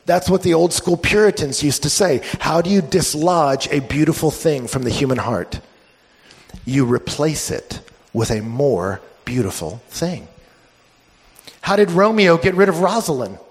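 A man preaching a sermon as pastor, animated, swinging from loud bursts to hushed tones. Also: on the high side, unhurried, big-room sound.

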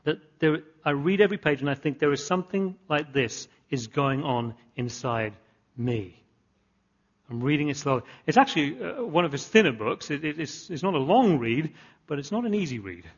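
A man delivers a sermon in a husky, somewhat high voice. He repeats phrases for emphasis and builds to earnest, rising peaks. The recording sounds dull and lo-fi. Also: expressive, moderate pace. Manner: earnest, repetitive emphatic preaching with rising climaxes. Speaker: pastor.

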